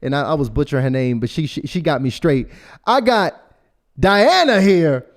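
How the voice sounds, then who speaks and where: A man hosting a dating show, talking in an energetic, playful way. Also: fairly high pitch, moderate pace. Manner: energetic, playful, repeats words. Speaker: host. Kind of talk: casual chat.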